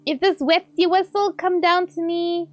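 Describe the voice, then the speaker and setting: Shifty salesy smuggler merchant, voiced by a high-pitched woman, faint music behind. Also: fairly even intonation, normal speed, dry recording.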